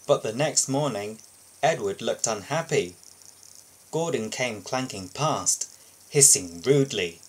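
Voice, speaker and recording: A man reading a children's storybook aloud as a video host, steady with small slips and restarts. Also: mid-range voice, unhurried, slightly rough.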